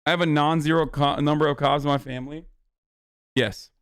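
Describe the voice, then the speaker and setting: A male streamer rambles through a reaction video, cracking profane jokes in casual chat. His voice is smooth and fairly high for a man. The sound is close and dry. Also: steady tone, a little fast, dry recording. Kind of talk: casual livestream commentary.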